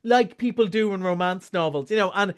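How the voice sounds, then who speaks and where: A man's voice: high-pitched, brisk. An Irish man chatting casually as a film reviewer, rambling with many restarts. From Ireland. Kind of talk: casual chat.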